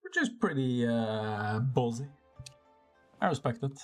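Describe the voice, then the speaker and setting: Sarcastic swearing streamer, lively delivery. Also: male voice, medium pitch, a little slow, faint music behind. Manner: sarcastic, swears freely, joking asides. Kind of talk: casual live-stream commentary while playing a game.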